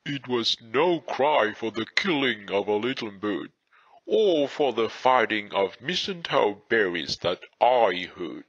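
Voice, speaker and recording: A man voicing a strong, greedy fighter who bullies in slow, demanding speech in a storybook audiobook. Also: fairly low pitch, very animated, pushed and bright, highs cut off, heavily acted. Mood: menacing.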